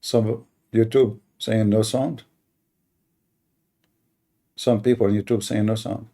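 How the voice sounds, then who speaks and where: A man hosting a heated live-stream debate, mocking and combative, speaking as a with halting restarts. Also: fairly low pitch, steady tone, warm tone. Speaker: livestream debate host.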